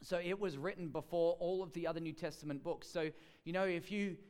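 A man's voice: fairly high pitch, a little fast, a little mellow, smooth. A man preaching a sermon in a chatty storytelling way, with many fillers and restarts.

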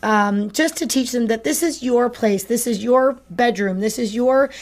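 A woman's voice: a little high, measured pace. A woman co-hosting a live podcast, explaining training in an upbeat, practical way. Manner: explanatory, upbeat, acts out dog and owner voices. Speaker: dog trainer and co-host.

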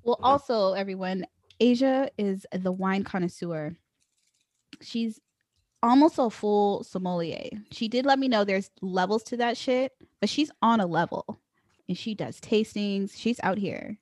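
A woman hosting a casual chat, quick to react, laughing often and swearing casually. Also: mid-range voice, darkish tone, no room sound, studio quality. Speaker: host.

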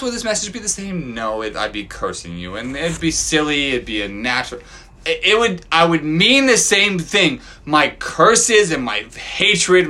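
Cursing guy ranting on his podcast, bright edgy voice, pitch all over the place. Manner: foul-mouthed, swings from loud outbursts to low mutters. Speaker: podcast host. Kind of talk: profane fan rant. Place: home backyard.

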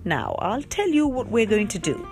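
A woman's voice: on the high side, wildly swooping pitch, moderate pace, darkish tone, soft background music, pitched above the performer's own voice. A woman reading a confident little magician. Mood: assured.

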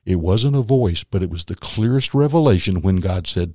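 A man, a former magician and comedian turned minister, tells his faith story as an interview guest, animated and acting out the voices of others. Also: deep voice, moderate pace, no room sound, clean studio sound. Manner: animated storyteller who acts out quotes. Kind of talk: personal faith testimony in conversation.

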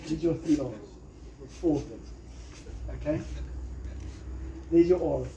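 A man's voice: on the high side, unhurried, background noise. A man preaching a sermon emphatically, acting out little quotes and prayers. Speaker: pastor. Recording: echoey room, slightly dull sound.

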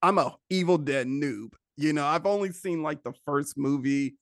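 A man's voice: a little high, normal speed, dry recording, clean studio sound. A man guesting on a casual podcast, easygoing and hesitant, with plenty of fillers.

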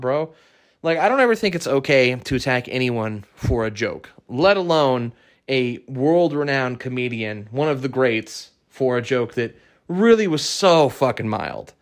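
A man's voice: medium pitch, a bit bright. Blunt, foul-mouthed man ranting casually. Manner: profane, blunt and opinionated. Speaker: podcast host. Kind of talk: casual solo podcast rant.

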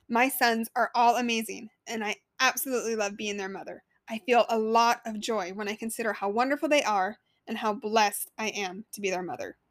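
A woman's voice: sits high, fairly bright tone, dry recording, studio quality. A woman in her thirties hosting a solo podcast as a life coach, talking earnestly and conversationally and asking the listener questions.

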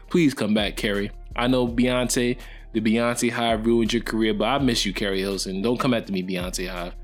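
A young man hosting a podcast, giving casual, joking sports opinions in a lively, rambling way. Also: fairly low pitch. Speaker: podcast host.

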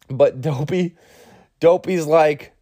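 A man's voice: a little high, dark tone, husky. Rambling overtired young man. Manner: rambling, lots of fillers, giggly asides. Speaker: podcast host. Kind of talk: rambling comedy monologue.

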